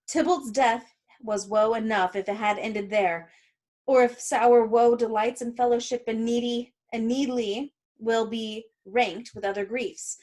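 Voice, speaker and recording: A woman reading the part of a grieving young bride from a play aloud, slowly and earnestly. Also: on the high side, fairly even intonation, darkish tone, close to an everyday voice. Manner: slow, deliberate, earnest line reading. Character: young female lover, grieving and distraught.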